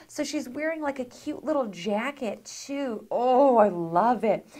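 A woman hosting an excited unboxing review of collectible dolls. Her voice sits a little high, and she gushes and gasps with delight over every detail in a chatty way. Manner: gushing, gasping with delight, chatty. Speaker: host of a doll review channel.

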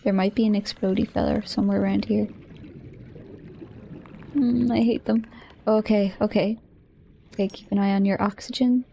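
A woman's voice: mid-range voice, fairly even intonation, moderate pace, vocal fry, long pauses, mellow, a little hiss or hum. A woman streamer chatting casually as she plays, thinking aloud, easily startled and often giggling.

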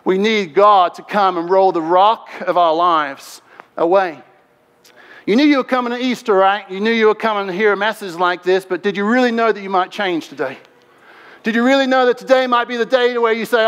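Male pastor, passionate sermon, bright high voice, long hall echo. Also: brisk. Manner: impassioned, swings between loud and hushed. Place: large church sanctuary.

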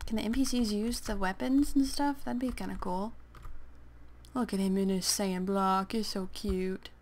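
A woman giving casual, playful gameplay commentary while sick, clearing her throat and chatting to the game creatures. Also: mid-range voice, steady tone, moderate pace, darkish tone, a little hiss or hum. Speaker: gaming let's player.

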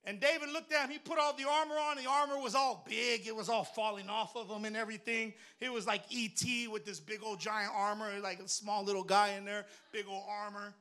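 Preach it as a woman minister, bright and forceful, moving from shouts down to a soft, low storytelling voice. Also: fairly even intonation, brisk, hardly any pauses. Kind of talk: sermon.

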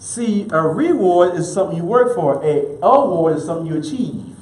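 A man preaches with a high, bright voice, driving points home through repetition and call-and-response. His words ring out in a roomy space with a clear echo. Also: animated, normal speed. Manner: emphatic preaching, repeats key lines, leads congregation call-and-response. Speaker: minister. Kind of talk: sermon. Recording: roomy echoey room.

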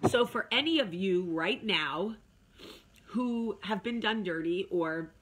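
A woman's voice: mid-range voice, expressive, takes it slowly, fairly bright tone, slight background noise. A woman hosting a casual talk video, chatty and emphatic, talking straight to her viewers. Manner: chatty, emphatic, with sung asides. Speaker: vlog host.

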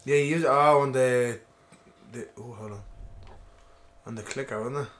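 A man's voice: medium pitch, moderate pace, fairly bright tone, a little hiss or hum. A man co-hosting a gaming playthrough, grumbling in mock annoyance and swearing playfully. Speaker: let's play co-host. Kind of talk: casual gaming commentary.

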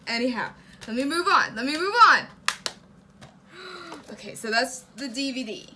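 A young woman hosting a reaction video, chatting casually as she unboxes merch, gasping and squealing with excitement. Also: high-pitched, brisk, noisy background.

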